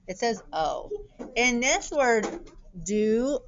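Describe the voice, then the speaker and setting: A woman teaching a spelling lesson to young children, sounding out letters and words slowly and clearly. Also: mid-range voice, animated, a bit bright, a little hiss or hum. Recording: dull lo-fi recording.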